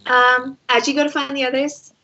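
A woman's voice: high-pitched, flat delivery, moderate pace, pushed and bright. A woman running a tabletop game as game master, narrating loosely with fillers. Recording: dull lo-fi sound.

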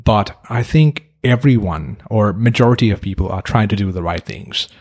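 A man's voice: fairly low pitch, normal speed, a little mellow. A man from Nepal hosting a casual podcast conversation, talking in an earnest, reflective way and asking open questions. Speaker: podcast host.

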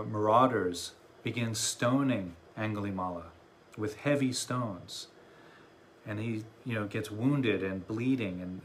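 A man who teaches meditation, giving a dharma talk and telling a story in a reflective way with many pauses. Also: mid-range voice, slight background noise.

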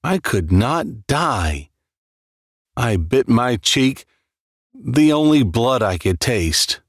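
A man giving a dramatic reading of a horror tale. His delivery is slow and brooding, and his pitch swings widely from low murmurs to sharp rises. The sound is close and dry, with no room echo. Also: big pitch swings. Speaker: horror story narrator.

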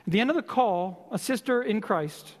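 A man preaching a sermon as pastor, with impassioned, repetitive exhortation and slow emphatic stresses. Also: sits high, animated, long reverb tail.

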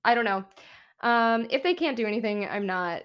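A woman's voice: on the high side, lively intonation, moderate pace, fairly bright tone, clean tone. A woman co-hosting a podcast in casual chat, telling a story full of fillers and quoted reactions. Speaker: podcast co-host.

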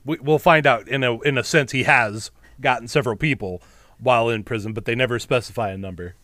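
Male podcast co-host, wry and jokey, casual recap, dry close-mic sound, mid pitch. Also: a little fast, bright, forceful tone, dry recording. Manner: wry, jokey asides with lots of "you know". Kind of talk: casual film-recap chat.

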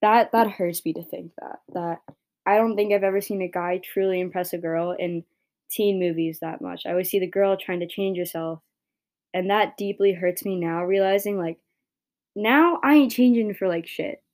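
A woman's voice: lowish voice, moderate pace, a little mellow. A young woman hosting a solo podcast, rambling casually and self-deprecating, swearing a lot. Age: young adult. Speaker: podcast host.

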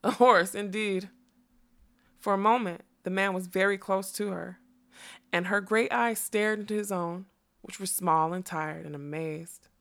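Woman narrator, audiobook, soft and measured, middling pitch. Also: vocal fry.

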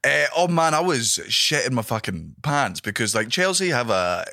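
A man's voice: mid-range voice, sing-song, moderate pace, creaky, pushed and bright, dry recording, studio quality. A man, chatting casually and swearing on a podcast.

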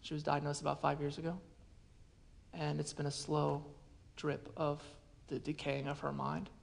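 A man preaching a sermon as a pastor, telling a personal story in an earnest way and often dropping to a hushed voice. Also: a little high, completely flat delivery, normal speed, gravelly.

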